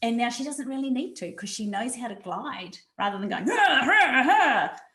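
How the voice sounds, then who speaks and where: A woman's voice: a little high, fairly quick, roomy sound. A woman presenting a resilience webinar over a video call, talking animatedly and repeating words for emphasis. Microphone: video call mic.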